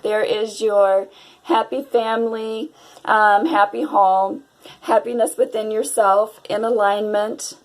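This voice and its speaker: A woman's voice: mid-range voice, fairly even intonation, slow pace, poor audio. A woman giving a casual tarot reading to her viewers, dreamy and exclamatory. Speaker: tarot reader.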